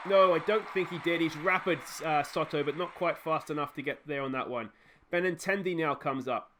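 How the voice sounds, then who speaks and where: An Australian man commentating his own baseball management game, calling plays with rising excitement and chatty asides. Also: on the high side, slight background noise. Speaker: let's play host.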